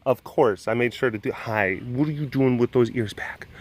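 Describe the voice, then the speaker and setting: A man in a casual vlog rambles through stories and laughs often, then drops to hushed, coaxing talk for a big cat. He is recorded outdoors beside animal enclosures, with a faint hum of ambience around him and a mid-range voice. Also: medium pitch, normal speed. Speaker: vlogger at a big cat facility.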